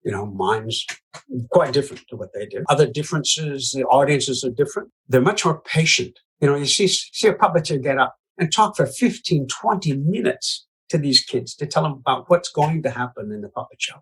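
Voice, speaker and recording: A man's voice: mid-range voice, lively intonation, normal speed, a bit bright, breathy edge, poor audio. A man from the United States, a puppeteer guest, chatting in an interview and telling stories with lots of asides and laughter. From United States (Iowa). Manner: chatty, laughs often, many "you know" asides. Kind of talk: casual storytelling interview.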